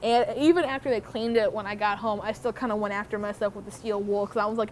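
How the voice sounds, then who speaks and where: A young adult woman telling a story about her old job to the camera in a casual, animated way, swearing often. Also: medium pitch, fast talker, few pauses. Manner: profane, animated, swears freely. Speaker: former theme park worker telling her story. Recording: noisy background.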